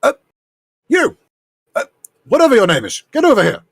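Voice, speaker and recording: A man voicing a brash, bossy male master engineer who barks orders in a raised, higher voice. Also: sing-song, quick pace, husky, no echo, clean studio sound, exaggerated voice. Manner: barking orders, shouting.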